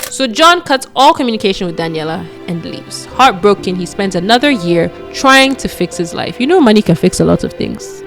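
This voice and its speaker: A woman tells a story in a relaxed, conversational way, like chatting with a friend. She drops her voice low when she quotes the characters. Her voice sits at a middle pitch, and faint music plays underneath. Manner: chatty, acts out quoted lines in a lower voice. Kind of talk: casual story narration.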